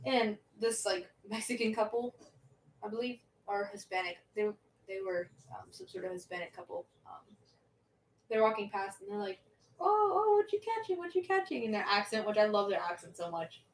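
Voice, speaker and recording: Young woman streamer, rambling, giggly chatter, mid pitch, distant mic with faint noise. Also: steady tone, normal speed. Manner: rambling, self-interrupting, giggly. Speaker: livestream host. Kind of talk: casual chat reading viewer questions.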